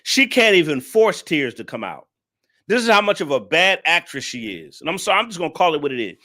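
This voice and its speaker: A man's voice: on the high side, very animated, fairly quick, pushed and bright. A man hosting a reaction video, talking in blunt, profane, ranting commentary and scolding his viewers. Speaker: male content creator reacting to a video.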